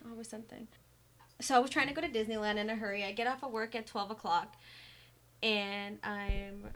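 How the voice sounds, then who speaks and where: A woman's voice: medium pitch, a bit bright. A woman chatting casually as co-host, telling stories about her toddler. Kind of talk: casual chat.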